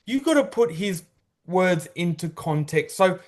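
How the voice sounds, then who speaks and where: Aussie bloke, high voice for a man, blunt and sweary podcast co-host. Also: expressive, measured pace. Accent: Australian. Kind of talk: casual sports podcast banter.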